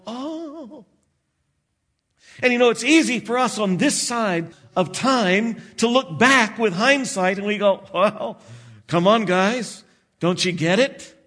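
High-pitched guy preaching a sermon, lively, slows way down on key words. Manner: expressive preaching, acts out disciples' voices, slows for emphasis. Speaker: pastor.

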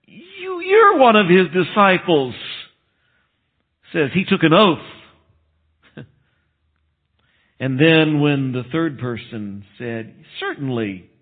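Male preacher, animated storytelling sermon, narrow tinny recording. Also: a little high. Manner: animated storytelling with asides and chuckles. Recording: tinny phone-like sound.

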